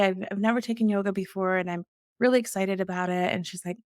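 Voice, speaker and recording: A woman's voice: mid-range voice, fairly even intonation, quick pace, no room sound, studio quality. A middle-aged woman, a guest in an interview, telling her personal story earnestly and acting out the dialogue she quotes.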